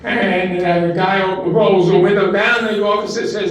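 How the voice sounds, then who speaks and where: A man's voice: high-pitched, flat delivery, moderate pace, hardly any pauses, slight background noise. An older man from Brooklyn tells jokes in a stand-up act at a talent show and chuckles at his own punchlines. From Brooklyn, New York. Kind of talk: stand-up joke telling. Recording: distant, very echoey hall recording.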